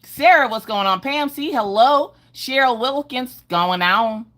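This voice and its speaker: A woman's voice: fairly high pitch, lively intonation, measured pace, fairly bright tone. A middle-aged woman hosting a casual livestream from home, greeting viewers by name in a sing-song way. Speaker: livestream host.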